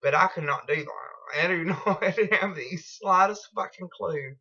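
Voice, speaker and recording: A woman's voice: on the low side, normal speed, sharp tone, breathy edge, dull audio. A woman telling a rambling story at home in a blunt, profane, casual way. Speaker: vlogger.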